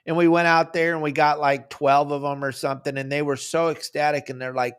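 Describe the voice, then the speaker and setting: A man's voice: on the high side, level tone, brisk, hardly any pauses, clear, resonant tone. A man hosting a fishing podcast, telling stories animatedly with playful impressions. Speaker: podcast host. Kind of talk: casual chat.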